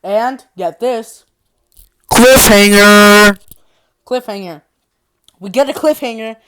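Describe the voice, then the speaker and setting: A woman's voice: fairly high pitch, lively intonation, measured pace, crowd noise. A woman casually summarizing a horror book, rambling and repeating herself. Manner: rambling, repetitive, giggly. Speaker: youtuber retelling a book.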